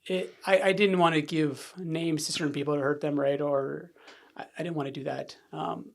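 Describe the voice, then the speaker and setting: A man's voice: on the high side, moderate pace, creaky. A man in a podcast interview, openly telling a personal story and acting out what people said. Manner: candid, animated, acts out quoted voices. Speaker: podcast guest. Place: podcast studio.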